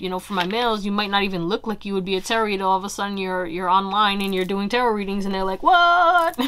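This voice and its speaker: A young woman giving a casual pick-a-card tarot reading, chatty and animated, full of fillers and asides to her viewers. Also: mid-range voice. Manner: chatty, animated, fillers like "you know" and "y'all". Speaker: tarot reader.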